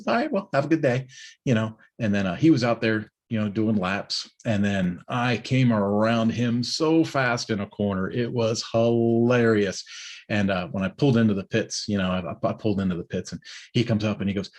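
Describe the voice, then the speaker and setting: A man's voice: fairly low pitch, a little fast, a little mellow, husky. A middle-aged man telling a casual story during a morning check-in. He talks in loose restarts and acts out the people he quotes. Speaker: business owner giving a morning check-in. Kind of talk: casual spoken monologue.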